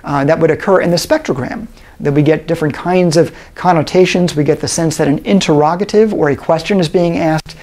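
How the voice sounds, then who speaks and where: A middle-aged man giving a recorded college lecture, explaining in a measured way with frequent pauses and fillers. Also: a little high, a little mellow.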